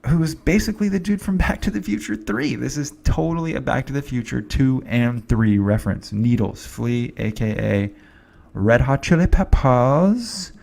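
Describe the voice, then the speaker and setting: A man's voice: medium pitch, moderate pace, vocal fry, hardly any pauses, a little mellow. A man giving a chatty, rambling movie review to camera, full of fillers and asides. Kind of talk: casual film review to camera.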